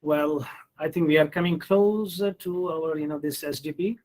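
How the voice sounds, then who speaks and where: A man's voice: fairly high pitch, normal speed, darkish tone. A middle-aged man with an Indian English accent, a professor giving an online pronunciation lecture who explains rules and reads example sentences with exaggerated intonation.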